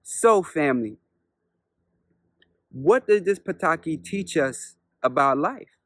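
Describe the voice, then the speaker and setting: A man who is a spiritual teacher, telling a parable as a lesson in an unhurried way, repeating points and asking rhetorical questions. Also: on the high side, lively intonation, fairly bright tone, no room sound, studio quality. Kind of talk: storytelling lesson.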